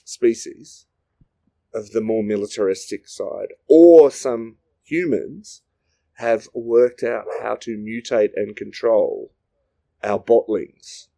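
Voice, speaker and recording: A man's voice: on the low side, slow pace, creaky, dark tone. A man voicing a friendly male alien who gushes earnestly about loving Earth. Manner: earnest, gushing.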